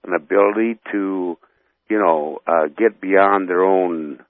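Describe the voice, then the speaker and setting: A man's voice: low voice, slow, no room sound. A man from North Dakota calling in to a radio show, ranting with heat and groping for his words. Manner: rambling, heated, searching for words. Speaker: radio caller. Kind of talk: phone-in rant. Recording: tinny phone line.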